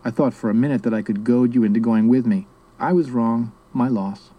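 A man reading aloud as a serious, formal young boy with a gruff little voice. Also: mid-range voice, a little fast, warm tone, close to an everyday voice, low-quality recording. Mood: solemn.

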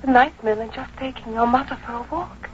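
An actress voices a grieving mother lost in her own mind in an old radio drama, her voice high and her phrases wandering and broken. Faint hiss sits under a dull broadcast sound. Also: a little fast, close to an everyday voice. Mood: distraught, dazed. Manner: wandering, broken, dreamlike speech. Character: dazed, grieving woman prisoner, a mother. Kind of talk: 1950s radio drama acting.

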